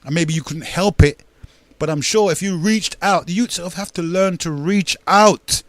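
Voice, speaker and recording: A man's voice: high-pitched, moderate pace, no room sound. An older man, hosting a radio talk show in a rambling, emphatic monologue that repeats words and addresses listeners as brethren.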